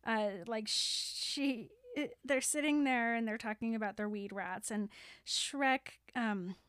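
A young woman chats through a movie plot, slipping into the characters' lines as she goes. Her voice sits a bit high and the recording is dry and close, with no room sound. She keeps it loose and chatty, full of "like". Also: takes it slowly, clean tone, no echo. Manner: animated retelling, acting out characters' lines with lots of "like". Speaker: podcast co-host retelling a film. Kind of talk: casual chat, recapping a film plot.

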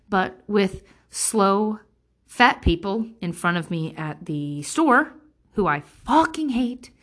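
A woman's voice: lowish voice, a bit bright. Blunt, foul-mouthed woman in her thirties. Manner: blunt, heavy swearing, emotionally intense; rambling with many fillers and restarts. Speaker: vlogger. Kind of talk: candid personal monologue.

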